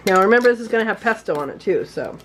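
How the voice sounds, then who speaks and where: A woman's voice: mid-range voice, lively intonation, rapid-fire, a bit bright, soft background music. A woman hosting a home cooking video, chatting casually as she works through a recipe, with hiccups that she keeps apologizing for. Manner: chatty, talks while working, apologizes for hiccups. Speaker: home cooking channel host.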